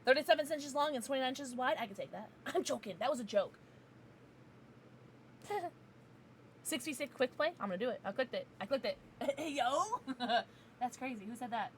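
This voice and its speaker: A woman streamer chatting casually while playing, giggly and chatty, quickly excited. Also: on the high side, a little hiss or hum. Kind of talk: casual gaming livestream chat.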